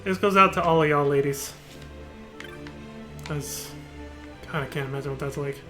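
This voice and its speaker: A man's voice: a little high, normal speed, a bit bright, faint music behind. A man streaming a video game live, chatting casually and cursing often. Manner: casual, profane, laughs often.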